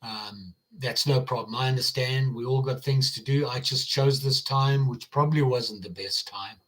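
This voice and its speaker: A man's voice: mid-range voice, normal speed, a bit bright. Older midwest guy rambling on his live stream, lots of uhs and restarts, just chatting. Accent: American Midwest. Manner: chatty and rambling, with frequent fillers, restarts and laughs. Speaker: channel host on a live stream. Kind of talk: casual live-stream chat.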